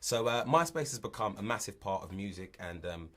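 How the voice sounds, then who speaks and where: A man's voice: on the low side, animated, brisk, bright, forceful tone. A man with a London accent interviewing a guest in a joking, teasing way. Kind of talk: playful interview banter.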